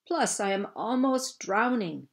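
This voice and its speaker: A woman's voice: on the high side, lively intonation, slow pace, pitched above the performer's own voice. A woman voicing an injured male Scottish pilot straining to stay above water. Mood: strained.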